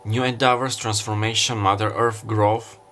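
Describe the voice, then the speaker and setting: Low-voiced man giving a rambling tarot reading. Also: little pitch movement, normal speed, a bit bright, faint music behind. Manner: meandering, thinking aloud with fillers. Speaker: tarot reader. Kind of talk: casual intuitive tarot reading.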